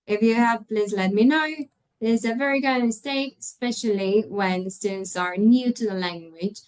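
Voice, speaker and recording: A woman runs an online English teaching webinar. Her voice sits slightly high as she explains pronunciation patiently through a computer mic. She often stops to check on her audience. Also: normal speed, darkish tone, clear, resonant tone, low-quality recording. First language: Spanish.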